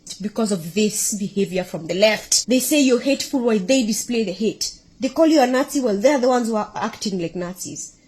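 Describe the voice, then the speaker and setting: A woman content creator rants straight into the camera, fiery and accusatory. Her voice sits a little high with a husky, breathy edge. She builds to sharp, emphatic outbursts. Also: expressive, fairly quick. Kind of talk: impassioned political rant to camera.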